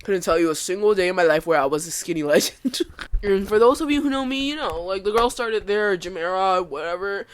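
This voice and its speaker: A woman's voice: mid-range voice, animated, fairly quick, a little hiss or hum. A woman in her twenties from Canada, telling a story in casual vlog chat, emotional, laughing often and swearing freely. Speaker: vlogger.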